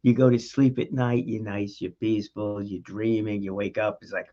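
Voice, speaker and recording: A man's voice: fairly low pitch, moderate pace, few pauses, warm tone. Guy giving a pep talk on his podcast, punchy and emphatic, kinda dull lo-fi sound. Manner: emphatic, coaching, talks straight to the listener. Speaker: podcast host. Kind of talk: motivational monologue.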